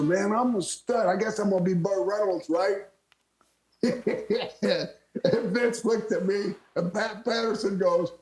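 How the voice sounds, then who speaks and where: An older man from Florida, a retired wrestler, telling lively stories as a guest and laughing often. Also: high-pitched. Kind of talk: storytelling interview. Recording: roomy echo.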